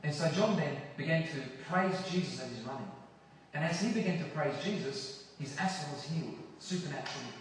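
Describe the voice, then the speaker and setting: An Australian man telling a personal story in a filmed interview, earnest and halting with restarts. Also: a little high, lively intonation. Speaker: interview guest. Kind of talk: testimony interview. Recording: video played back in a hall, far off and echoey.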